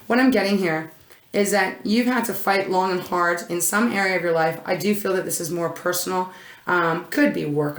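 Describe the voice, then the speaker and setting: Effusive woman tarot reader, low voice. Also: reverberant. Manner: effusive, gushing over each card; rambling with frequent restarts and fillers. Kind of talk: casual tarot reading.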